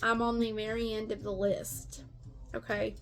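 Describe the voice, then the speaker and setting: A woman's voice: mid-range voice, level tone, moderate pace. A middle-aged woman venting bluntly about family drama, exasperated, swearing freely and repeating herself for emphasis. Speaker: stepmother vlogger. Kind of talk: venting rant to camera.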